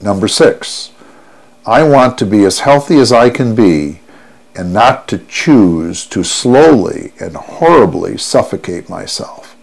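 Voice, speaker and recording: A male hypnotherapist leads a guided trance in a low voice. He speaks at a very slow, unhurried pace, soothing and calm, repeating each affirmation in turn. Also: creaky. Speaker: stop-smoking hypnotherapist.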